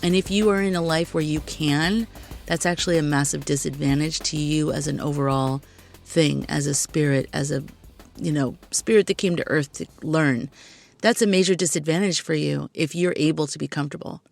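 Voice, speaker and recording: A woman's voice: deep voice, fairly even intonation, normal speed, gravelly, a little mellow, soft background music. A woman hosting her own podcast, talking casually and reflectively with lots of "like" and "you know". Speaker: podcast host. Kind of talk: casual solo podcast talk.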